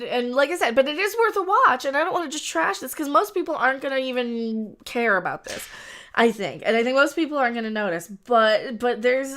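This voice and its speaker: A woman with a somewhat high-pitched voice talks casually on her live stream. She rambles, restarts her sentences and gives strong opinions as she reviews. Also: fairly bright tone. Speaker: host.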